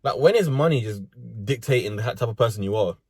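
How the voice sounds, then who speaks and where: A man's voice: medium pitch, lively intonation, quick pace, a little mellow, slightly rough, dry recording, studio quality. A young man with a London accent, ranting comedically and profanely in street slang from inside a car. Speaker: vlogger. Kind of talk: comedic rant.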